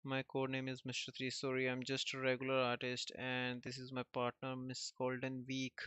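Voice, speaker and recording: A man reading out the lines of a scheming adult male villain in a flat, even voice. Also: medium pitch, normal speed, smooth, no echo, close to an everyday voice. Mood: smug. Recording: dull lo-fi recording.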